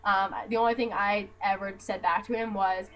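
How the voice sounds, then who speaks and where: A young woman venting to her camera in a blunt, profane, animated way, telling a story to her viewers. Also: medium pitch, normal speed, poor audio. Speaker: vlogger.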